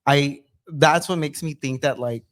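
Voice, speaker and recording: A man's voice: a little high, a little slow, fairly bright tone. A man hosting a podcast, talking in a reflective and hesitant way with lots of fillers. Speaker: podcast host. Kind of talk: casual podcast chat.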